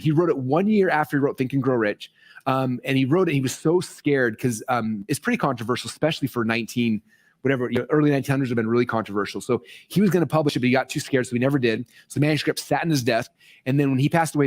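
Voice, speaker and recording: A man speaking excitedly to a live audience, rambling with many fillers and restarts, voicing quoted people in a raised voice. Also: mid-range voice. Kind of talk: excited casual presentation. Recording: played clip inside a commentary video.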